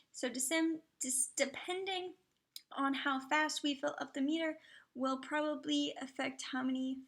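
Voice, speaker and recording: A young woman hosts a casual livestream in a high, bright voice edged with vocal fry. She chats freely and keeps slipping into soft, half-whispered asides. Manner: chatty, often drops into half-whispered asides. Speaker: livestream host. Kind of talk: casual live commentary.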